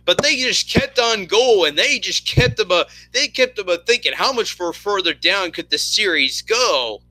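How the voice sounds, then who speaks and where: Streamer type: man with a high, piercing voice, chatty and rambling. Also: expressive, moderate pace, sharp tone, no room sound, poor audio. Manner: rambling, lots of fillers and restarts. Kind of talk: casual chat.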